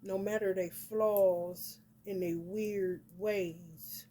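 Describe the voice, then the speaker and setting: With drawn-out words and a warm, steady, mid-range voice, a northern U.S. woman rants through a casual astrology reading, blunt and profane and full of "honey." A little hiss or hum is audible.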